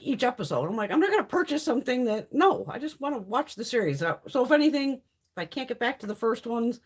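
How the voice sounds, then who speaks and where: A woman with a mid-range, slightly breathy voice hosts a beauty livestream from home while sick, chatting casually in a blunt, profane way.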